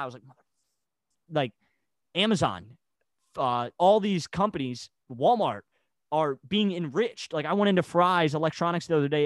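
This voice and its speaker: A man's voice: a little high, dry recording. A man ranting heatedly in a casual chat, stammering and restarting his sentences. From United States. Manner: agitated and rambling, with stammered restarts.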